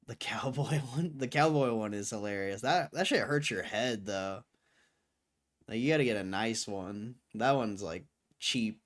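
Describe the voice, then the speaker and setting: A man's voice: fairly low pitch, a little slow. A young man hosting a livestream who chats casually with viewers in a laid-back, slangy way, full of fillers. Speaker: livestream host. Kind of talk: casual chat reading viewer comments.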